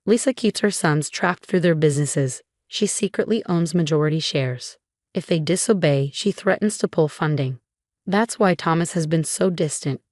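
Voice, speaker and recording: A woman's voice: low voice, moderate pace, darkish tone, no echo, clean studio sound. A woman reading a nervous whispering woman.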